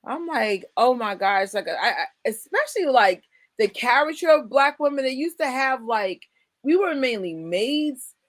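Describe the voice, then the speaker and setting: A woman in her forties from the United States hosting a casual chat, emphatic and animated, often breaking into laughter. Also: sits high, normal speed, no echo. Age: 40s. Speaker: host.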